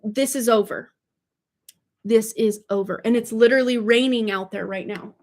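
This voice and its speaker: Speaking at a moderate pace in a fairly high voice, a tarot reader chats and rambles through a casual livestream reading, laughing off her stumbles over words. She's on a livestream mic.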